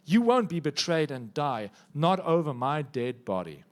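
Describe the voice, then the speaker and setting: Pleading insistent disciple guy, kinda high voice, a preacher putting him on. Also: sing-song, a little slow. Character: adult male disciple pleading with his teacher.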